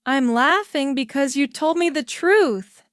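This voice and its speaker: A woman voicing a polite young royal prince in storybook dialogue, in a courteous, gently amused manner. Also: high-pitched, animated, measured pace, no echo, clean studio sound, pitched above the performer's own voice.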